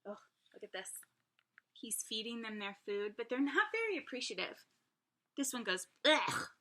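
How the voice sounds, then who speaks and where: Bright, lively woman reading aloud. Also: fairly high pitch, moderate pace. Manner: chatty asides to young listeners. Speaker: preschool teacher. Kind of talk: picture-book read-aloud.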